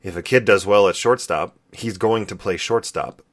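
Deep-voiced man telling a heartfelt story. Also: moderate pace. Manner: earnest and reflective, quietly emotional. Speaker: podcast co-host. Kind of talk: personal storytelling.

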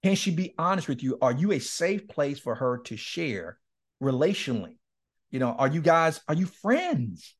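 Animated man telling stories, laughing often. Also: fairly high pitch, moderate pace, slightly rough. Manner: animated, laughs often, acts out quoted dialogue. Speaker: guest speaker and men's ministry leader. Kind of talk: candid storytelling in a podcast interview.

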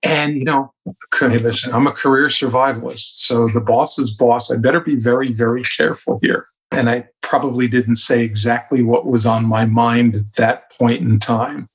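A man at a medium pitch talks as a guest on a podcast. He is a communication coach and shares reflective stories from his work. His delivery is conversational and gets animated at moments. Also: normal speed. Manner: reflective, anecdotal, animated in places. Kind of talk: conversational storytelling.

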